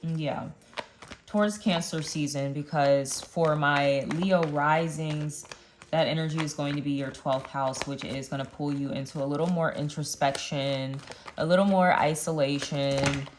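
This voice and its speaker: A woman's voice: deep voice, fairly even intonation, a little slow, noisy background. A young woman giving a casual tarot card reading, chatting to her viewers with plenty of ums and uhs. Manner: chatty, addresses viewers directly with many fillers. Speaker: tarot reader.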